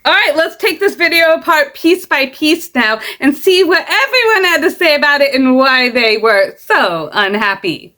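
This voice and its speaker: Earnest Midwestern woman, highish voice. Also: lively intonation, normal speed, hardly any pauses, bright, forceful tone. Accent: American Midwest. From Midwestern United States. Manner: earnest, explaining herself, occasional stumbles over words. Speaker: content creator. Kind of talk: casual vlog commentary.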